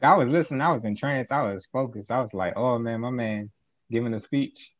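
Measured male co-host, mid-pitched voice, a bit muffled. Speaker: podcast co-host. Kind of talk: casual commentary. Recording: slightly dull, muffled audio.

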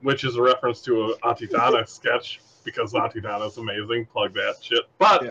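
A man's voice: mid-range voice, steady tone, brisk, sharp tone, breathy edge, dull audio. A man who is a guest on a podcast, joking loosely and chuckling as he talks about a movie. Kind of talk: casual movie review chat.

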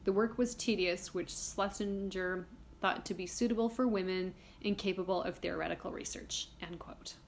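A woman's voice: medium pitch, fairly even intonation, normal speed, slight background noise. A woman hosting a casual history podcast, chatty and irreverent, swearing casually while reading from her notes. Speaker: podcast host.

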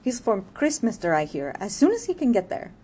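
A woman's voice: a little high, wildly swooping pitch, a little fast, dark tone, slight background noise, voice pushed up. A woman voicing a chatty, teasing village neighbor woman who uses dialect words. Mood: gossipy.

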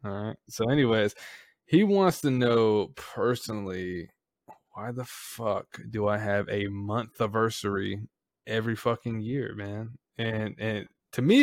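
Cussing, animated podcast host guy. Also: lowish voice, unhurried, no room sound, clean studio sound. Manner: animated storytelling, heavy cursing. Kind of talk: casual chat.

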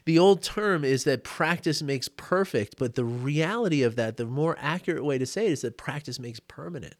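A man's voice: on the high side, expressive, moderate pace. A man giving a casual mindfulness lesson, chatty and prone to laughing, often tagging his points with "you know" and "right?". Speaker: mindfulness teacher. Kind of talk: casual teaching talk. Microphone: boom mic.

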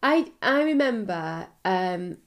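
A woman's voice: medium pitch, sing-song, takes it slowly, vocal fry. A woman co-hosting a chatty podcast, her voice stuffy and nasal from a cold. She talks in an open, candid way, with plenty of fillers and frequent giggling. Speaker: podcast co-host. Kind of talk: casual chat.

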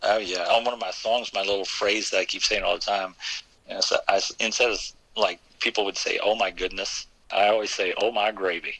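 A man's voice: on the low side, steady tone, brisk, bright, forceful tone, no echo, poor audio. A man from Maryland with a slight Southern Maryland twang, a country singer guesting on a radio show. He talks in an easygoing way and laughs often. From Maryland, USA. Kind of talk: casual radio interview.

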